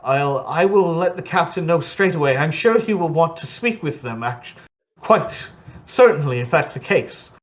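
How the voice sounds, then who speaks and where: A man's voice: fairly high pitch, animated, moderate pace, dull audio, natural voice. A man voicing a fussy, prim male halfling butler who scolds guests.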